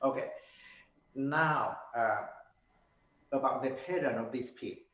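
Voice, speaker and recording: A man giving a piano master class, coaching in halting, simple phrases with many fillers and sung notes. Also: medium pitch, a bit bright, lo-fi sound. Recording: roomy, from far off, with piano.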